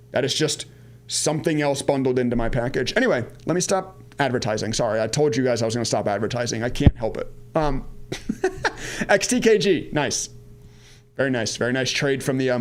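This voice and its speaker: A man in his thirties from the Washington DC area, chatting casually on a trading live stream, rambling, answering viewer chat and laughing at himself. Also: medium pitch. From United States, Washington DC area. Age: 30s. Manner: laughs at himself, goes off on tangents.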